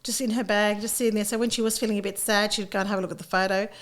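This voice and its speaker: A middle-aged woman, a childcare educator on a podcast giving gentle, reassuring advice in a casual chat. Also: mid-range voice, steady tone, very fast.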